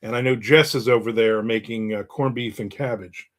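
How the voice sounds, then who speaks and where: A man chatting on a livestream, drifting between viewer comments and small asides. His talk is joking and self-mocking, at a middling pitch for a man. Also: fairly even intonation, moderate pace. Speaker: livestream host. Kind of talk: casual live chat, reading viewer comments.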